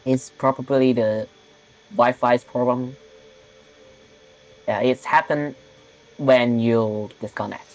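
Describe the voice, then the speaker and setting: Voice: mid-range voice, steady tone, slow, long pauses, low-quality recording. A player in a tabletop game over voice chat, speaking hesitantly with many fillers. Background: game soundtrack music.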